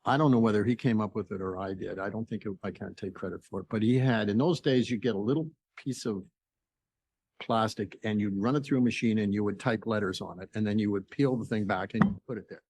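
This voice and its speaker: Older man, from Canada, podcast guest, lively storyteller, voices each side of a conversation, dry sound. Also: on the low side, brisk, slightly rough, no room sound. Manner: animated storyteller acting out dialogue. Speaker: entrepreneur guest. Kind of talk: storytelling interview.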